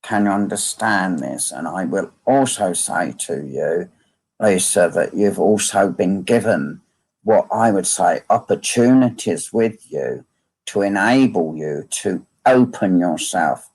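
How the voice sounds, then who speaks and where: Slow, gravelly man giving a medium reading. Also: low-pitched, expressive, a little mellow. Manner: slow, repetitive phrasing, asking "can you understand this?". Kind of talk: live online mediumship reading.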